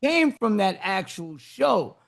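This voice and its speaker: A podcast host interviewing a guest, hyped and encouraging, giving big shout-outs. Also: mid-range voice, sing-song, slow pace, gravelly.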